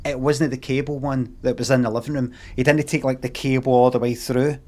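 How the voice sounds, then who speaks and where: A man's voice: medium pitch, little pitch movement, brisk, a little mellow. A Scottish man on a live stream telling a rambling, heavily sweary anecdote in a casual way.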